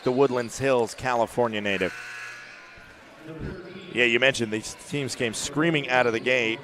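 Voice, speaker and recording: A man doing play-by-play commentary for a basketball game, rising to shouts on big plays, with faint court noise behind him. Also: medium pitch, steady tone, unhurried. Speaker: play-by-play announcer. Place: arena broadcast booth.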